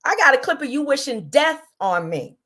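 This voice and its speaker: A woman with a high voice hosts a livestream and tears into a rival. She is combative and profane, dragging some words out and rushing others. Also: very animated, sharp tone. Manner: combative, profane, drawn out then rushed. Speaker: livestream host. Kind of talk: angry livestream rant.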